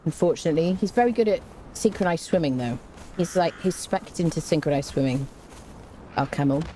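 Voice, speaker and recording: A woman offers casual commentary while streaming a game, playfully chatting with viewers, greeting them, and humming and scatting tunes. Her warm, deep voice has lively intonation and runs a little fast, with slight background noise.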